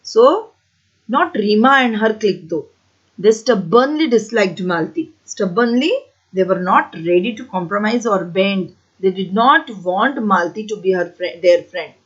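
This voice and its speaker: A woman teacher with an Indian English accent reading a story lesson aloud and explaining each new word slowly and deliberately. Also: fairly high pitch. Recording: dull lo-fi recording.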